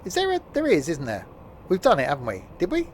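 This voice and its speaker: A man's voice: on the high side, wildly swooping pitch, fast talker, slight background noise. A man giving casual, jokey gameplay commentary while streaming, rambling and trailing off mid-sentence. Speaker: game streamer.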